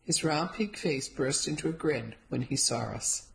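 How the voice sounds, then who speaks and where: A woman reading a first-person novel aloud in a steady, measured way. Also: deep voice, creaky, low-quality recording. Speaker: audiobook narrator. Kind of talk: first-person audiobook narration.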